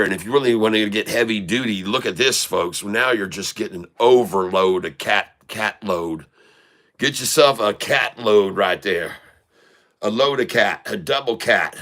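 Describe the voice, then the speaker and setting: Bright-voiced American stock streamer. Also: male voice, on the low side. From United States. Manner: joking, folksy, addresses viewers as folks. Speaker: stock market livestream host. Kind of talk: casual livestream chat.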